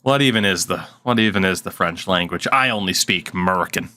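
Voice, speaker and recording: A man's voice: low-pitched, fairly quick, sharp tone. A man giving casual, sarcastic gameplay commentary at his desk mic. He swears freely and mutters to himself as he plays. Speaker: gaming channel host.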